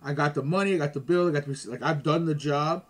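Animated slangy man telling stories. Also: a little high, fast talker. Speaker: guest. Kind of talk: casual storytelling chat.

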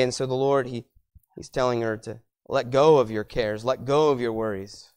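In an expressive, smooth delivery at a moderate pace, a pastor preaches his sermon. He repeats words as he builds his points, alternating loud emphatic peaks with quiet, low asides.

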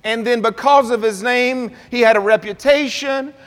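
A man preaching a sermon, calling on the congregation to answer back, his voice rising and growing louder as he builds a point. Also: very high voice, moderate pace. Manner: call-and-response preaching, asks the congregation to repeat words. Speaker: pastor. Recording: long reverb of a large hall.

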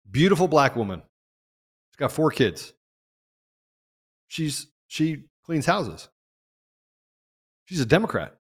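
A man hosting a political talk show, speaking in an impassioned monologue that swings from loud peaks to low asides. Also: big-room sound. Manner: emphatic, rising to loud peaks and dropping low. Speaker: podcast host.

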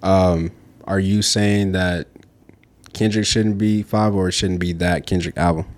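A man with a deep voice co-hosts a podcast in casual chat. He sounds laid-back and mostly gives brief, agreeing replies. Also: fairly even intonation, a little slow, darkish tone. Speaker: podcast co-host.

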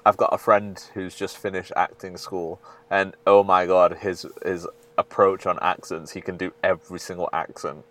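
A man's voice: sits low, flat delivery, moderate pace, hardly any pauses, a bit bright. A British man co-hosting a podcast as a fitness coach, chatting casually and laughing easily. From United Kingdom. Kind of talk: casual chat.

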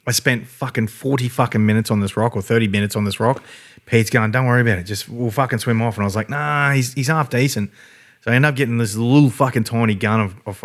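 Swearing Australian man telling yarns. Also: medium pitch. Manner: swears constantly, rambling storytelling with laughter. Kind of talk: casual podcast chat.

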